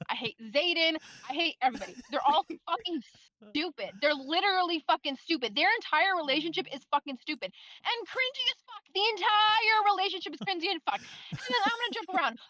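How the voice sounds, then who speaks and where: Really high bright lady swearing nonstop, dry dull lo-fi sound. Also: dry recording. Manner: profane, ranting. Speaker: book club member. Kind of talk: casual chat.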